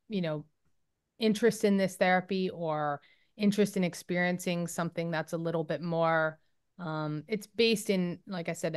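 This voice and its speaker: A woman's voice: fairly low pitch, clean tone. A woman occupational therapist explaining her work in a casual interview, thoughtful with many fillers and restarts.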